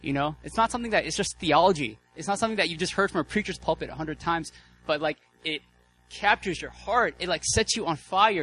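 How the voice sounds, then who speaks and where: A man preaching a sermon as a guest speaker, casual and excitable, with many fillers and restarts. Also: fairly high pitch, a little fast, no room sound, rough recording. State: out of breath.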